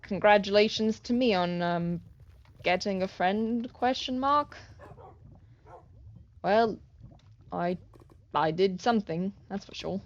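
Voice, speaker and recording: Slow, rambling woman streamer, not a native speaker. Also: medium pitch, dull audio. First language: not English. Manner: rambling, self-mocking, swears casually. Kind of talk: casual game-stream chat.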